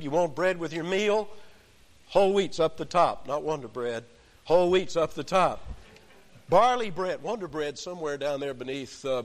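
A man preaching an expository sermon in an animated, conversational way, with joking asides. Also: a little high, in a large hall.

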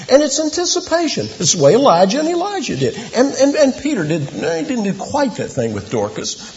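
A man preaching a sermon, telling a Bible story in an animated way with rhetorical questions. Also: high voice. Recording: dull lo-fi with long hall reverb and faint hiss.

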